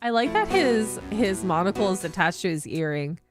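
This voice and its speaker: A woman's voice: mid-range voice, sing-song, moderate pace. A woman streamer giving chatty, playful commentary while playing a video game, with game music behind. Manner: chatty, giggly, playful asides. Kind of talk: casual live-stream commentary.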